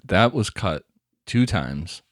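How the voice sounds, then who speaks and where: A man co-hosts a podcast in slow, laid-back casual chat, often agreeing with quiet yeahs. His voice is very deep. The recording is dry and close, with no room sound. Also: animated, no room sound. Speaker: podcast co-host.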